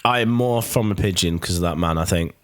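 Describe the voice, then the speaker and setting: A man's voice: deep voice, a little fast, clean tone. A man hosting a podcast, chatting casually and rambling with many restarts. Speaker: podcast host. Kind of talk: casual chat.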